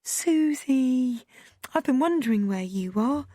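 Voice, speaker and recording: A woman reading the part of a brisk, practical older mother in an audiobook, speaking in a matter-of-fact, unsentimental way. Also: high-pitched, animated, warm tone, dry recording, studio quality, pitched above the performer's own voice, full character voice.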